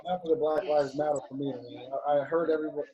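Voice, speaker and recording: A man's voice: fairly high pitch, fairly even intonation, fast talker, mellow, dull audio. A middle-aged man from Cincinnati, a filmmaker and actor, candidly telling his career story in an interview, often restarting his sentences. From United States, Cincinnati. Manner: frank, talks through restarts and stammers.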